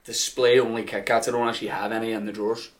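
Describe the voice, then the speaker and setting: A woman playing a stubborn shopkeeper with a Derry accent, who gives flat, deadpan replies. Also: a bass voice, quick pace, voice pushed down.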